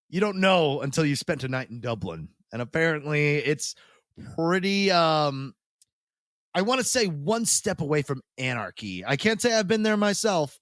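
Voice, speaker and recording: A man's voice: a little high, fairly bright tone, dry recording, studio quality. A man hosting a podcast in casual chat, joking and laughing often. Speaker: podcast host.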